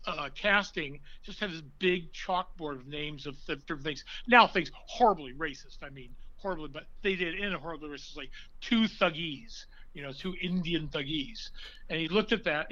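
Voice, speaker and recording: A man, an actor, telling stories in an interview, animated, breaking now and then into loud put-on voices. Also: fairly high pitch, dull audio. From from an Irish blue-collar family. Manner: animated storyteller, bursts into loud character voices. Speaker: actor guest. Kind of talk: conversational interview storytelling.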